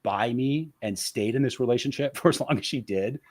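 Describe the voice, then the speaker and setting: Talking a little fast with a somewhat mellow, medium-pitched tone, a man reflects candidly as a guest on a podcast interview. He keeps restarting his sentences and repeating words in search of the right phrasing.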